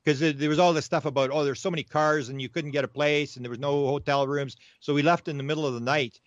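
A man from Winnipeg, a guest author telling stories in an excitable, rapid-fire way. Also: a little high, dry recording, dull audio. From Winnipeg, Canada. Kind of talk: animated storytelling interview.

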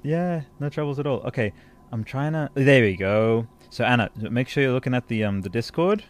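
A man from Italy hosting a podcast in casual chat, excitable and effusive, often laughing. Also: medium pitch, normal speed. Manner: excitable, effusive, bursts into laughter and loud exclamations. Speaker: podcast host.

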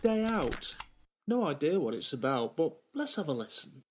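A man's voice: fairly high pitch, very animated, a little fast. Teasing man in casual banter. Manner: joking, teasing. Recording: noisy recording.

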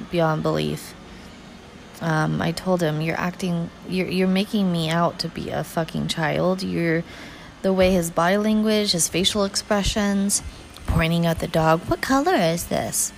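A woman candidly recounting a frustrating day, swearing now and then and pausing with fillers and restarts. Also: lowish voice, a little hiss or hum, poor audio. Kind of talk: personal storytime vlog.

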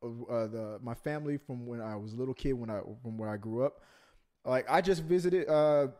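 A man's voice: mid-range voice, normal speed, dark tone. A man from Texas hosting a casual podcast chat, rambling with lots of restarts and fillers. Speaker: host.

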